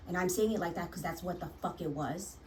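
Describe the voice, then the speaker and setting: A woman's voice: on the low side, fast talker, darkish tone, distant mic, a little hiss or hum, rough recording. A woman who works as a nurse, telling a personal story frankly and heatedly, swearing often and restarting her sentences.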